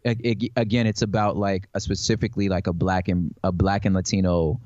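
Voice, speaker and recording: A man's voice: low voice, level tone, fairly quick, a little mellow, dry recording, dull audio. A man on a podcast, casual and slangy, who tells stories animatedly and acts out voices as he goes. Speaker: podcast guest. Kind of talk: casual chat.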